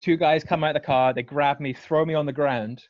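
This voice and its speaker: A man's voice: a little high, steady tone, brisk, dry recording. A young man, telling a story in casual chat, laid-back and full of fillers and swearing. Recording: dull, slightly lo-fi dry sound.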